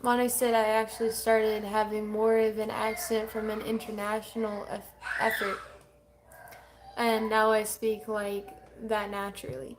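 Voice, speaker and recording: A woman co-hosting a casual livestream, reading chat comments aloud quickly and laughing often. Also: medium pitch, completely flat delivery, background noise.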